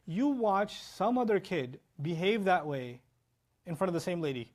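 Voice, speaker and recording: A man giving an animated Quran lecture as an Islamic teacher, reciting Arabic verses between explanations. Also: high voice. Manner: animated, fast-talking, mixes in Arabic recitation.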